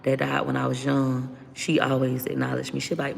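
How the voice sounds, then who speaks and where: A woman's voice: very deep voice, monotone, brisk, vocal fry, long reverb tail, slight background noise. A woman talking candidly as an interview guest about her own life, blunt and profane as she vents. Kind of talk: candid personal storytelling.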